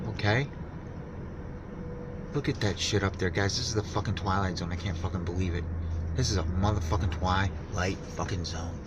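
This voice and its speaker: A man's voice: low-pitched, moderate pace, long pauses. A man vlogging outdoors by a road, talking in an agitated, conspiratorial way and swearing often. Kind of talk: rambling outdoor vlog. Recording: loud outdoor traffic noise. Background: traffic and street ambience.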